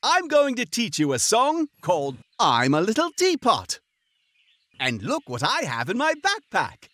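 A man's voice: sits high, wildly swooping pitch, measured pace, pushed and bright, dry recording, exaggerated voice. A man voicing a cheerful frog who leads a children's sing-along with a banjo. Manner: cheerful, encouraging. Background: children's music.

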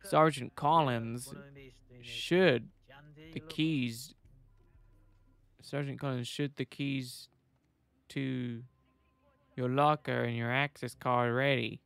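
A commanding police captain barks orders in a riot-police game, as a man reads him out. His voice is smooth and resonant, and he sounds clipped and officious as he briefs his officer. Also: medium pitch, fairly even intonation, takes it slowly, long pauses, a bit bright. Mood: brisk.

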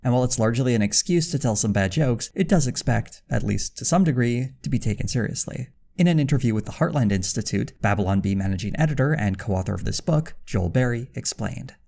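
A man's voice: medium pitch, animated, fairly quick, gravelly, few pauses, mellow. A man narrating a scripted commentary video in a dry, critical manner. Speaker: video essayist.

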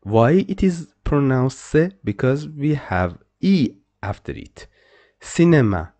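A man teaching French pronunciation to beginners, speaking slowly and repeating each example word several times. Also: mid-range voice, big pitch swings, dark tone. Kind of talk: slow, repetitive pronunciation lesson.

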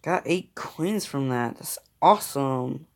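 Playing a mobile game, a tired man speaks slowly into a phone microphone in a mid-range, expressive voice with vocal fry. He mutters to himself and grumbles about the players he's up against.

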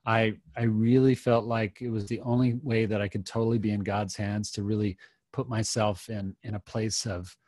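Middle-aged guy, kinda low voice, earnest storytelling, dry close sound. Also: little pitch movement, moderate pace, darkish tone, no room sound. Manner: earnest, reflective, many restarts. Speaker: guest. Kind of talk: personal storytelling.

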